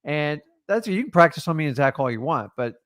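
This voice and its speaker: A man's voice: fairly high pitch, expressive, fairly quick, fairly bright tone, no echo, studio quality. A man co-hosting a live stream, coaching casually with lots of filler words. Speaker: co-host of a live real estate stream.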